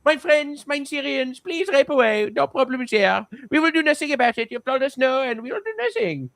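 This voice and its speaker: A man voicing a simpering, overly polite male official in a mocking, grovelling falsetto. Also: big pitch swings, normal speed, creaky, fairly bright tone, no room sound, exaggerated voice.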